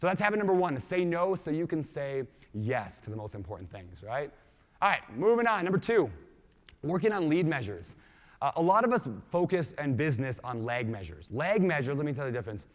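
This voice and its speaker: A man with an accent mixing Minnesota, Washington and Hawaii gives an energetic keynote talk, quizzing the audience with questions. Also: fairly high pitch, fairly quick. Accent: mixed Minnesota, Washington and Hawaii. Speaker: conference speaker. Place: large conference hall. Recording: reverberant conference hall.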